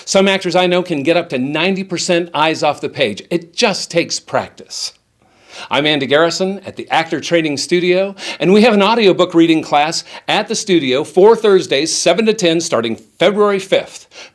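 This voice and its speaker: Lively, animated acting coach, a man. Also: a little high, moderate pace. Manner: lively, playful, emphatic delivery. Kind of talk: scripted acting tip read from a teleprompter.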